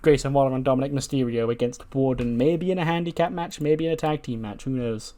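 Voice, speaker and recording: A man's voice: mid-range voice, fast talker, warm tone. A man casually narrating a wrestling booking game, chatty and laughing often. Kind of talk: casual let's-play narration.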